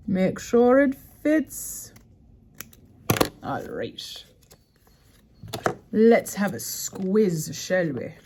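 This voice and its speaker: A woman's voice: medium pitch, darkish tone, slight background noise. A woman chatting casually to her phone camera at home, rambling and correcting herself as she goes. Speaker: vlogger. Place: at home, indoors.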